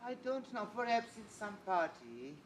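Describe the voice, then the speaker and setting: A woman's voice: mid-range voice, big pitch swings, normal speed, rough recording. A woman with a foreign accent, an audience member from Europe, rambling in a flustered way.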